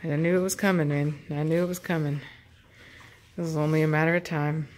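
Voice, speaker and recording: Woman narrating her dogs at home, fairly low voice, chatty and amused, faint background noise. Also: flat delivery, brisk, darkish tone. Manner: chatty, amused, laughs often. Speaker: dog breeder filming her dogs. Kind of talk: casual running commentary. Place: home with dogs playing nearby.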